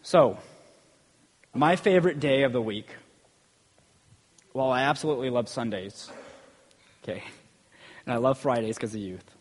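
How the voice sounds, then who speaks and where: A man's voice: mid-range voice, measured pace, pauses often, slightly rough, long reverb tail. A man preaching a sermon in a loose, conversational way, often checking in with "okay?" and building energy as he tells stories. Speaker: preacher and school PE teacher.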